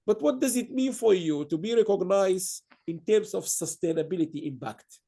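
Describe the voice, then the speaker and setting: A man's voice: high-pitched, normal speed, gravelly, mellow. A man hosting an online awards ceremony, speaking in long, rambling stretches of praise with frequent restarts. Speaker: awards host.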